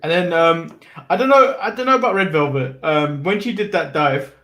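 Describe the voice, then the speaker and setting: A man's voice: fairly high pitch, moderate pace, sharp tone. A man co-hosting a casual wrestling review, hesitant and laughing often. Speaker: podcast co-host. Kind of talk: casual comedic chat.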